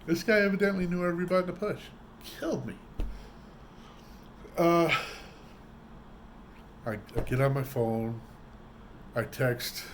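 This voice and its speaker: A man's voice: fairly high pitch, unhurried, long pauses, background noise. A man vlogging, telling a casual story with lots of energy and acting out what people said. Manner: animated, acts out quoted voices. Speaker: trucker vlogger.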